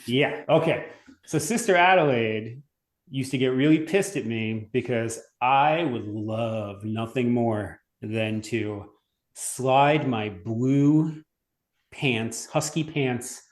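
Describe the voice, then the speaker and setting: A man from Long Island telling school stories in casual chat, animated, swearing freely and laughing as he goes. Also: mid-range voice, slow. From Long Island, New York. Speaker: podcast guest. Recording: roomy echoey room.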